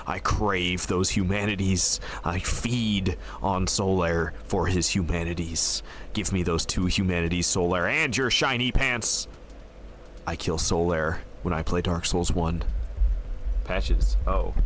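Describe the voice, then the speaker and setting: A man streaming a video game, giving excitable live commentary as he plays. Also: low voice, unhurried, a little hiss or hum. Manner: excitable, animated, laughing and groaning at the game.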